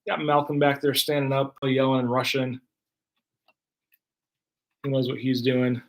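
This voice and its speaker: A man's voice: mid-range voice, monotone, unhurried. A man hosting a live card break, chatting casually as he runs through each card pulled. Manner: chatty, running play-by-play of cards. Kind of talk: casual live-stream commentary.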